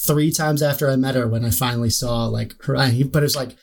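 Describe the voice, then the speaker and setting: A man telling a comic anecdote to friends at a game table, animated and loose with his language. He talks at a plain middle pitch with plenty of filler words. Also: fast talker, gravelly. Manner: animated, swearing, full of likes. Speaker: player. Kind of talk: casual storytelling.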